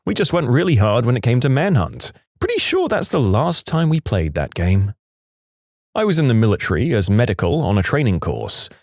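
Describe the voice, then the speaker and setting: Male narrator for read-aloud internet stories, low-pitched and very animated, dry studio sound. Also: no echo. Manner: lively storytelling with wide pitch swings. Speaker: story narrator. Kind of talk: reading reddit stories aloud.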